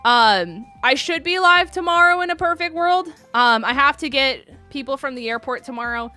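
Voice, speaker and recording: A woman's voice: high-pitched, animated, normal speed, bright, forceful tone, soft background music. A young woman live streamer chatting casually and gushing thanks to her viewers. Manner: gushing, effusive thanks to chat. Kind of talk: casual chat.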